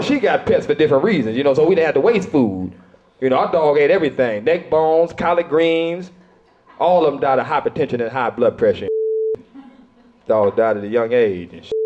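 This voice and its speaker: A man's voice: a little high, dull audio, noisy background. Stand-up comic, middle-aged man, easygoing and conversational. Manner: loose conversational delivery with frequent asides. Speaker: stand-up comedian. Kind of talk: stand-up routine.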